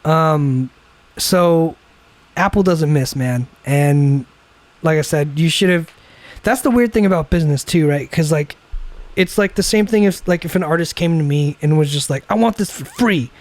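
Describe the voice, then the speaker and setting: Ranting young man with a higher voice. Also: moderate pace, darkish tone. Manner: ranting, swearing, acts out quoted people. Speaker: podcast co-host. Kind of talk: casual chat over beers.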